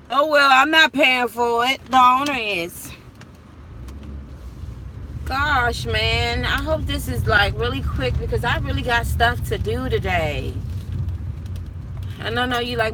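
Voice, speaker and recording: A young woman and property manager chatting casually to her viewers, telling stories with frequent laughter, from a parked car on her phone. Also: a little high. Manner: chatty, storytelling, laughs often. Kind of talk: casual live chat to viewers. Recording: street noise from outside the car.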